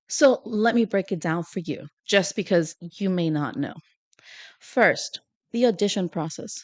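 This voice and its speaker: A woman co-hosting a podcast in casual chat, talking in an animated way and laying things out step by step. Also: lowish voice, a little slow, no room sound. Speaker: podcast co-host.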